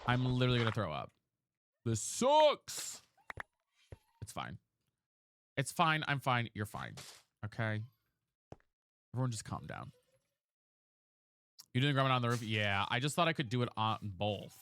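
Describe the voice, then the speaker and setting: Chatty, animated male game streamer. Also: medium pitch, normal speed, pauses often, slight background noise. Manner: chatty and dramatic, thanks viewers by name. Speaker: live streamer. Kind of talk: casual live-stream chat while gaming.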